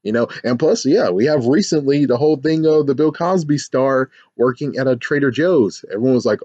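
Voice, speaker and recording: A man giving a casual, animated review of a TV episode, jumping into squealing fan voices now and then. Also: mid-range voice, fairly quick, hardly any pauses, no room sound, dull audio. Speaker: YouTube show reviewer.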